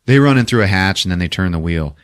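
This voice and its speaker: Lively, profane man recapping a movie. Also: deep voice, quick pace, smooth. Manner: profane, animated retelling with sudden character voices; laughs often at his own jokes. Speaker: podcast host.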